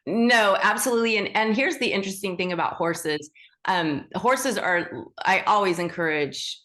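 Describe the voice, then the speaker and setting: A woman hosting a live online group class as a teacher, talking with enthusiasm and big swings in pitch. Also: moderate pace, sharp tone. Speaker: animal Reiki teacher and host. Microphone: video call.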